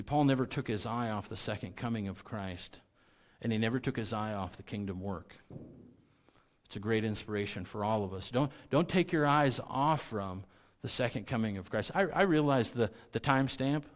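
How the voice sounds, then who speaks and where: A man preaching a sermon in an average-pitched voice, earnest and conversational, often restarting and repeating words. He swells to loud, emphatic peaks on key points, then sinks low and quiet as he cites chapter and verse. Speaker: pastor.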